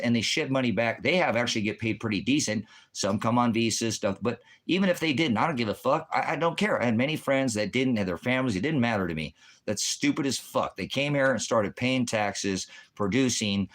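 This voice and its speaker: Agitated, a livestream host answers chat by angrily berating commenters with constant profanity in a heated, combative rant. His voice is on the low side with a fairly bright tone.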